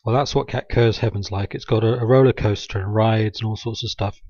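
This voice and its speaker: A man's voice: fairly low pitch, fairly even intonation, fairly quick, darkish tone, no echo, highs cut off. A man rambling through a satirical monologue, sarcastic and hesitant, with many ums. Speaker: video maker.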